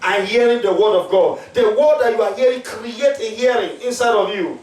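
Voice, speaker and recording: A pastor preaching emphatically, asking the congregation to answer back. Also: male voice, high-pitched, moderate pace, a little mellow. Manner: emphatic preaching with call-and-response questions. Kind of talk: sermon. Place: church hall. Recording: echoey church, mic at a distance.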